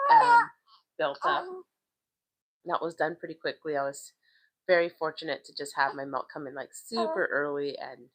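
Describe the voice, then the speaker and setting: A woman's voice: on the low side, a bit bright, no echo, low-quality recording. A young woman vlogging from home in a casual livestream, chatting about parenting with lots of "like" fillers. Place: home, doing chores. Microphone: livestream mic.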